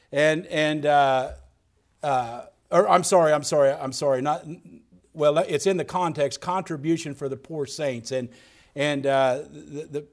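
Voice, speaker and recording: A man's voice: on the high side, a little mellow. Earnest male pastor preaching a sermon. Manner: earnest, repeats words and restarts often.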